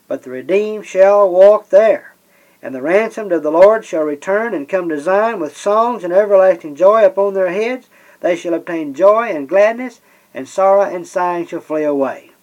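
A man preaching a Bible-teaching sermon. He slows down and leans on the scripture he reads, and pauses often with "uh". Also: high voice, a little mellow, highs cut off. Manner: slows and stresses scripture readings, many "uh" pauses.

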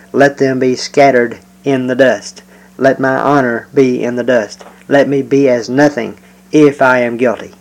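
Male preacher, mid-range voice, unhurried verse-by-verse teaching with many pauses. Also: medium pitch, poor audio. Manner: measured, with frequent "uh" pauses.

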